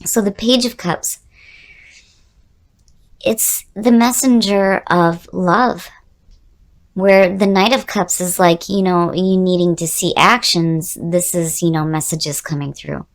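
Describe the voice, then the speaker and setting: A woman giving a casual tarot reading who is losing her voice and sounds hoarse. She muses aloud, repeats key words and speaks straight to the viewer. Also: on the low side, fairly even intonation, slow. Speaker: tarot reader.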